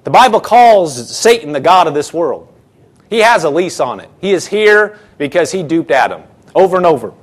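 A man's voice: fairly high pitch, sing-song, moderate pace. A man preaching a sermon in an earnest, conversational way, acting out quoted thoughts.

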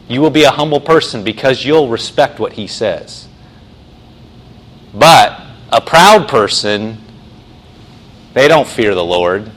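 A man delivers a sermon in a loose, conversational way, with frequent restarts. He slows down and leans into phrases he wants to stress. His voice sits at an ordinary middle pitch. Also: poor audio. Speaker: pastor.

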